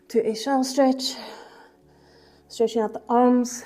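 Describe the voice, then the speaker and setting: A woman's voice: a little high, steady tone, slow pace, pauses often, dark tone. A woman leading a pilates class, counting reps and cueing breaths as she exercises along, a little out of breath. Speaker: pilates instructor. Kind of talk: workout class instruction.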